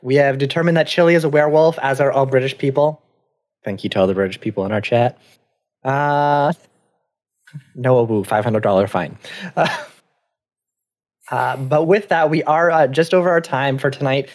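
A man's voice: medium pitch, normal speed, pauses often. A man hosting a live stream, chatting casually and thanking viewers with lots of fillers. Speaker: host of a live stream show.

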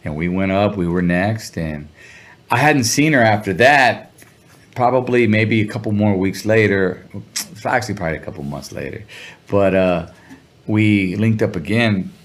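A man's voice: on the low side, moderate pace. A man being interviewed as a musician guest, telling a casual, slangy story and briefly acting out other people's voices. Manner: laid-back slangy storyteller who acts out voices. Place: Los Angeles area.

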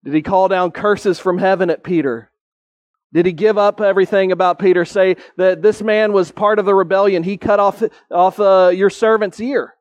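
With earnest conviction, a high-voiced pastor preaches a sermon in fairly even intonation, though he still lifts his pitch on the points he wants to land and slows down to stress them. The sound is close and dry, without any room sound.

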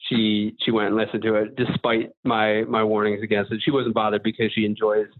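A man's voice: fairly low pitch, completely flat delivery, brisk. A man hosting a podcast, asking friendly, rambling questions in a casual interview. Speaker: podcast host. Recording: tinny phone-like audio.

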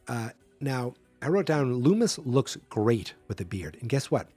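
A man's voice: mid-range voice, sing-song, measured pace, warm tone, husky, faint music behind. A man hosting a solo podcast, rambling through a movie in casual commentary and acting out quotes in a raised voice. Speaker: podcast host.

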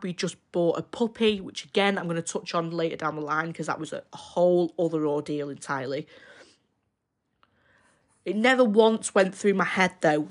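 A woman's voice: on the low side, normal speed. A young woman hosting a personal podcast, telling her story in a chatty, rambling way full of fillers. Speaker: podcast host.

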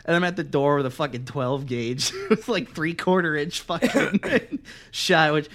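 A young man in his twenties co-hosts a casual podcast and tells a long story full of swearing. His voice sits a little high and swings widely in pitch. He breaks into laughter often as he talks. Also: a little slow. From Pennsylvania. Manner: profane, animated, laughs through stories. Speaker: podcast co-host.

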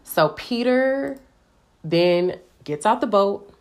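A woman giving casual devotional Bible teaching in a chatty, animated way, often using "like". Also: mid-range voice, slow pace. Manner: chatty, animated, heavy use of "like".

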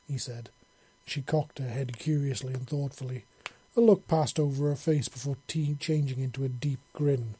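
A man narrating a fantasy story in a relaxed way, with small slips and self-corrections. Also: medium pitch, moderate pace, slightly rough, no room sound.

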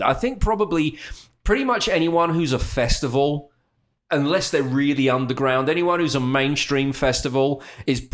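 A man co-hosting a podcast in casual comedic chat, rambling and animated, who often drops into quick voices for jokes. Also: mid-range voice. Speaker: podcast co-host.

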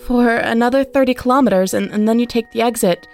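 A woman's voice: a little high, fast, a little mellow, faint music behind, close to an everyday voice. An actress playing a kind young woman who stops to help a stranger, speaking in an earnest, caring way. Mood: concerned. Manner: earnest, helpful.

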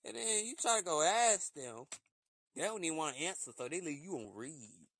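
A man talking in a casual solo rant, animated and slipping into shrill put-on voices for quotes. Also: normal speed, dry recording. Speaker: podcast host.

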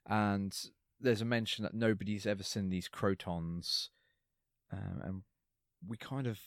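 A man's voice: lowish voice, fairly even intonation, measured pace, no room sound, studio quality. A man co-hosting a podcast, casually recapping an episode in a rambling, hesitant way with lots of fillers.

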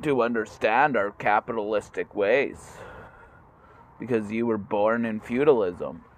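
A man telling history as a crude, rambling comedy rant, halting with fillers and jumping into squeaky mocking voices. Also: a little hiss or hum. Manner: jumps into squeaky high mocking voices for countries.

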